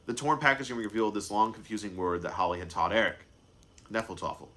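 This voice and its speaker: A man with a low, deep voice reads his own story aloud in a live reading. He trips over words now and then and goes back to fix them, keeping an unhurried storytelling tone. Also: fairly even intonation, bright, forceful tone. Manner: unscripted stumbles and self-corrections. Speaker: author and narrator.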